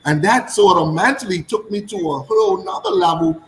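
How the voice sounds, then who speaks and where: Animated storytelling former cricketer, roomy sound. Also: male voice, high-pitched, a little fast, a little hiss or hum. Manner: animated anecdotes, repeats phrases for emphasis. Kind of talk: casual storytelling chat.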